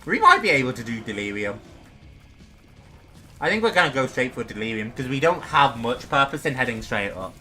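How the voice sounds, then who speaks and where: A young man with a bright, forceful voice talks through his game in a relaxed, chatty way, coaching himself and poking fun at his own mistakes. Soft music plays faintly underneath. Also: medium pitch, brisk. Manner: chatty, self-deprecating, talks to himself while playing. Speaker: gaming streamer. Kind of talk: casual gameplay commentary.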